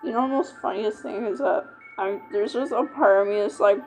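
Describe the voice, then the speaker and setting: A woman's voice: medium pitch, normal speed, faint music behind. A woman reading a story game aloud and reacting expressively, often saying "bro". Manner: expressive, exclamations, says "bro". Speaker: game player.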